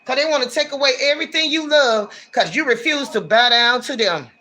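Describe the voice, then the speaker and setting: Very high bright-voiced guy doing a tarot reading on a stream, blunt and slangy, rants a lot. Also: fairly quick, a little hiss or hum. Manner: blunt, ranting, slangy and emphatic. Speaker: tarot reader. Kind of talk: casual livestream tarot reading.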